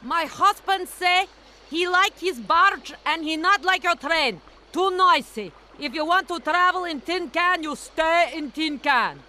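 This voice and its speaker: Blunt russian barge wife, broken english, high and very bright, slow. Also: female voice, heavily acted. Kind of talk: game voice acting.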